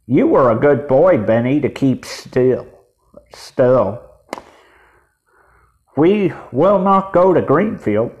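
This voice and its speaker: A man voicing a calm, responsible older boy who looks after his siblings. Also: mid-range voice, slow, long pauses, highs cut off. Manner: calm, reassuring.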